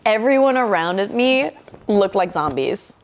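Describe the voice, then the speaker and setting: A young woman telling a story in casual podcast chat, animated and swearing often, acting out her own quotes. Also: medium pitch, unhurried, background noise.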